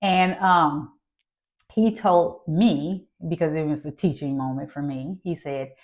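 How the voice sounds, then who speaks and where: A woman in her fifties, a nurse, telling a personal story in a lively way and acting out her own past voice. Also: low-pitched, a little slow, muffled recording.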